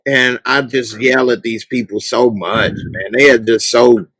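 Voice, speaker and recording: A man in the middle of a casual podcast livestream, talking at an everyday pitch in a dry, close recording. He chats loosely with his co-host and the viewers, and now and then launches into loud, mocking rants about what he has watched. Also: a little slow, slightly rough, dry recording. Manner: animated, bursts into loud mocking outbursts.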